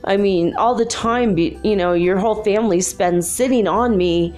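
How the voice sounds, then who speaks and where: A woman's voice: medium pitch, darkish tone, soft background music, lightly acted. Woman voicing a sulking, aggrieved toilet. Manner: complaining, slow and pleading. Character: aggrieved, self-pitying household toilet.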